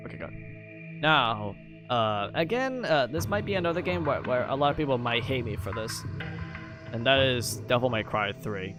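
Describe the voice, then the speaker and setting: A man's voice: mid-range voice, expressive. Hesitant man streaming over music. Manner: halting, many fillers and restarts. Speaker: live streamer ranking games. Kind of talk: casual live-stream commentary. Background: background music.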